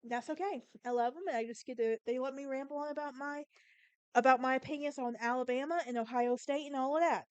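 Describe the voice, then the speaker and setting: A woman's voice: high voice, fast, smooth, dry recording, highs cut off. A Southern woman with a Southern US accent hosting a podcast, talking in a sassy, opinionated, emphatic way. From American South. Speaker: podcast host. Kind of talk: casual monologue.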